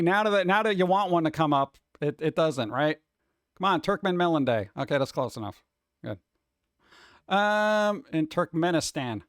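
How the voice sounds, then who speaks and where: A man's voice: a little high, fairly bright tone, no room sound, clean studio sound. Rambling, jokey man streaming. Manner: rambling, jokey, sarcastic asides. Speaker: livestream host. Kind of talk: casual livestream chat.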